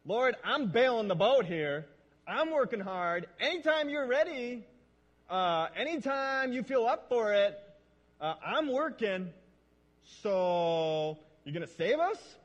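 A man's voice: high voice, sing-song, takes it slowly, muffled recording, voice pushed up, heavily acted. A man voicing an impatient disciple who sarcastically accuses a sleeping Lord of doing nothing. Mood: sarcastic, accusatory. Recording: long reverb of a large hall.

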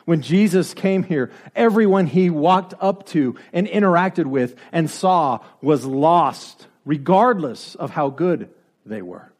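A man's voice: fairly high pitch, lively intonation, slow pace, darkish tone. A man preaching a sermon, driving his points home with repeated rhetorical questions and building to emphatic peaks.

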